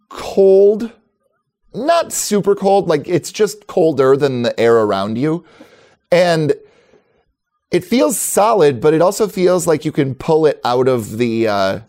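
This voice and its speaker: A man's voice: a little high, expressive, takes it slowly, a little mellow. A man running a tabletop game as game master, describing scenes in a chatty, laughing way.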